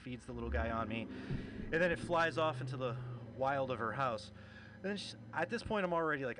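A man performs a loose, self-deprecating stand-up set, telling his story as if chatting with the crowd. His voice sits at an ordinary middle pitch. A little room noise is faintly heard behind him. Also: lively intonation, fairly quick. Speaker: stand-up comic and open mic host.

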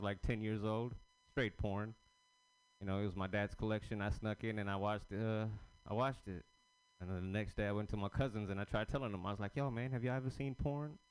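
Smooth-voiced man telling stand-up stories. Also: on the low side, low-quality recording. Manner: loose, rambling storytelling with crude jokes. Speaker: stand-up comedian. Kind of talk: stand-up set at an open mic.

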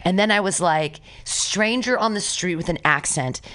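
Young radio co-host, woman, low-pitched, swears freely. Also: moderate pace, a bit bright. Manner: blunt, profane storytelling. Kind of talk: casual chat. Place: radio studio.

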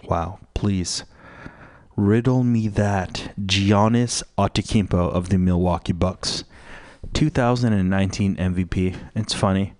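A man's voice: low-pitched, unhurried, a little mellow, dry recording, clean studio sound. A man hosting a radio show, ranting in a profane, rambling, mocking way full of fillers. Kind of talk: crude rambling radio rant.

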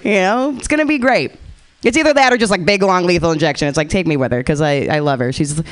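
A woman in her thirties doing a stand-up set, rambling with dark deadpan humor and acting out quotes. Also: lowish voice, quick pace. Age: 30s. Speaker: stand-up comedian.

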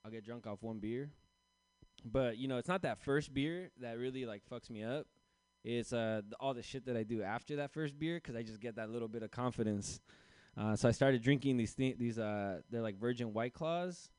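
Smooth-voiced young male stand-up comic. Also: mid-range voice, moderate pace, a little mellow, dry recording. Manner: storytelling, loose and self-deprecating with acted voices. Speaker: stand-up comedian. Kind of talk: stand-up set at an open mic.

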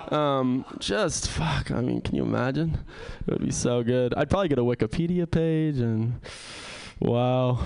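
Rambling crude stand-up comedian man. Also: medium pitch. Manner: rambling, crude, deadpan asides. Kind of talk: stand-up set.

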